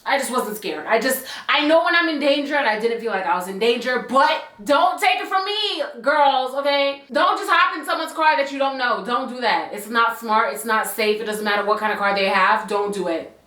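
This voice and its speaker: A young woman spins a casual storytime in a bright, ringing voice that sits a little high. Her delivery is chatty and animated, packed with slang and side comments. The room around her is echoey. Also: moderate pace, hardly any pauses. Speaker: YouTuber telling a story.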